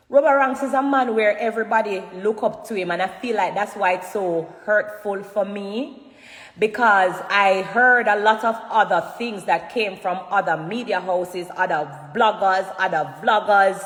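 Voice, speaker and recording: A Jamaican woman talking to her fans on a phone livestream, emphatic and animated, at times shouting. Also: medium pitch. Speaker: dancehall artist addressing fans. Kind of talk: casual livestream talk. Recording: echoey room with long reverb.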